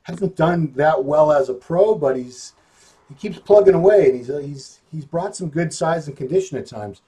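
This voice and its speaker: A man's voice: on the high side, lively intonation, normal speed, mellow, breathy edge. Laid-back man hosting a talk show. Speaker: host. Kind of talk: casual chat.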